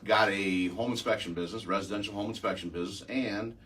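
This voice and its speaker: A man's voice: lowish voice, fairly even intonation, quick pace, fairly bright tone, far from the mic. A business owner guest chatting casually, a joking storyteller who teases his hosts. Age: older. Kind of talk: casual chat.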